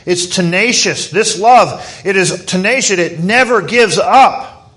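Male pastor, higher voice, slow and deliberate, emphatic sermon delivery. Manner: emphatic, animated preaching.

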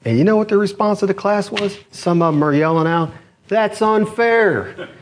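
A male pastor preaching a sermon, telling a story with quoted voices and swinging from raised to low, quiet delivery. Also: quick pace, a little hiss or hum. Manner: rising and dropping pitch, animated storytelling with quoted voices. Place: church.

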